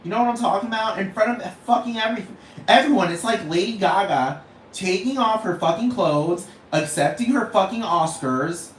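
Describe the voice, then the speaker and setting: A man on a profane, animated comedic rant with a fairly high voice, breaking into laughter often. The room gives his voice a clear echo, with faint noise underneath. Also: moderate pace. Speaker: vlogger.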